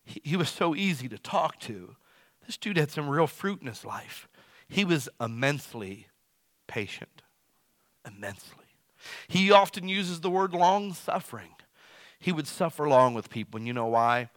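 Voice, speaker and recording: A man preaching a sermon who calls himself loud. He swings from loud emphatic lines to quiet asides. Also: on the high side, big pitch swings, normal speed, no room sound. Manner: self-described as loud. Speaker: pastor.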